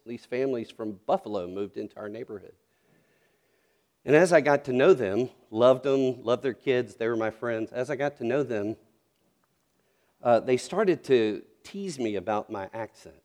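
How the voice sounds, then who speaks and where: A man's voice: mid-range voice, a little mellow. A middle-aged man from North Carolina, a pastor preaching a sermon with storytelling and earnest questions.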